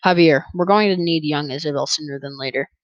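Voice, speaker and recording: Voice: medium pitch, fairly quick, dry recording, muffled recording, close to an everyday voice. A reader voicing a stern old male talking stallion who speaks in formal, old-fashioned phrases, read for an audiobook. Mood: grave.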